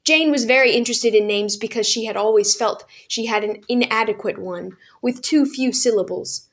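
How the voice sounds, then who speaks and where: A woman narrating a children's book aloud as a storyteller, calm and even. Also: on the high side, normal speed, few pauses.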